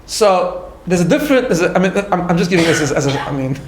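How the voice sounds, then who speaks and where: A man with a fairly high voice is teaching a class. He talks in an earnest, patient way and keeps checking in with his listeners. The sound carries a noticeable room echo. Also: sing-song, fast talker, noisy background. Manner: earnest, explains step by step, tags lines with "right?". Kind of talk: recorded class lecture.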